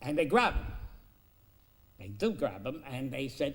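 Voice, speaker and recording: A man pitching a film story, acting out the characters' lines and swinging between loud and hushed delivery. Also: big pitch swings, normal speed.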